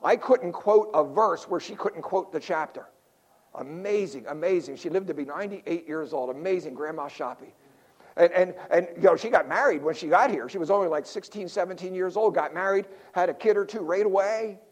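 A male pastor from South Philadelphia, preaching a sermon with jokes and stories and throwing quick asides to the congregation. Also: high-pitched. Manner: animated storyteller, quick asides to the crowd.

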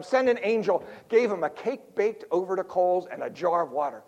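Older man preaching, fairly high voice, joking, animated, sudden quiet asides. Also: normal speed, hardly any pauses. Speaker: pastor. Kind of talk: sermon.

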